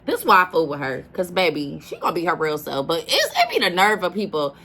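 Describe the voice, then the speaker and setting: A woman's voice: fairly low pitch, huge pitch swings, fairly quick, sharp tone. A woman hosting a reaction video, talking casually and emphatically, often addressing the listener as "baby.".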